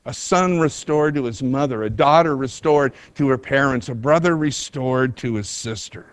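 A man's voice: medium pitch, moderate pace, no room sound. A man preaching an earnest sermon, retelling a scripture story with rising emphasis. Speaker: pastor.

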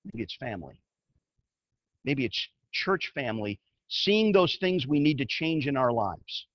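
A man preaching a sermon as a pastor. He tells the story in an animated way and swings from loud to hushed. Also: mid-range voice, a little slow, no echo, highs cut off.

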